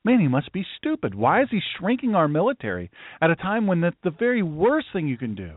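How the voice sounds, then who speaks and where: Emphatic preacher-host on a tinny line. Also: male voice, high voice, huge pitch swings, brisk, no room sound. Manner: emphatic, ranting, storytelling. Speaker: host, pastor. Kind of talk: political talk show monologue. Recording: tinny phone-like line, dry.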